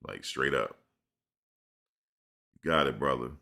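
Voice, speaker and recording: A man's voice: extremely low pitch, slow, vocal fry, bright, forceful tone. A man chatting on a live stream, rambling loosely through stories in slang and reading viewers' questions aloud. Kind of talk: casual live-stream chat. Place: at home in front of a camera.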